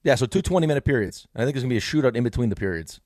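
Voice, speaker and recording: A man from New co-hosting a sports radio show, talking in quick, animated, jokey banter. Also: mid-range voice, no echo, studio quality.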